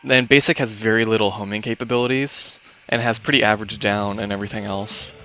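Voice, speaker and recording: A man with a lowish, bright, forceful voice talks through his own speedrun live. He explains mechanics in a loose, chatty way, full of fillers and false starts, with soft game music underneath. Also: steady tone, quick pace. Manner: casual, explanatory, many fillers and restarts.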